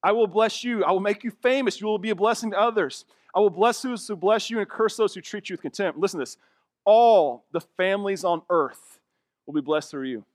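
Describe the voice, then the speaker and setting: A man's voice: high voice, a little fast, no echo, clean studio sound. A young man preaching a sermon as pastor, earnest and emphatic, often asking the listeners direct questions.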